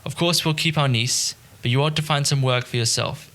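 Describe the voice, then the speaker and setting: A man's voice: mid-range voice, brisk, a bit bright, close to an everyday voice. A man voicing a stubborn, preachy uncle in an audiobook, lecturing and scolding as he talks. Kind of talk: audiobook character reading.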